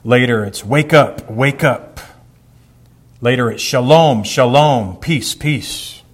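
A man's voice: mid-range voice, slow pace. A male pastor reading scripture aloud and then preaching a verse-by-verse sermon, explaining words with emphasis.

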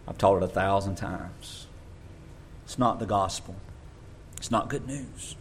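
A man preaching a sermon in an animated way, sometimes mocking others in a high voice. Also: measured pace, a little hiss or hum.

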